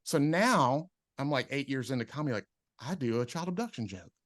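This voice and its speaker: A man's voice: medium pitch, fairly quick, no echo, clean studio sound. A man who is a comedian, telling stories in a casual podcast chat and acting out the people he quotes. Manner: animated storyteller, acts out quotes. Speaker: comedian guest.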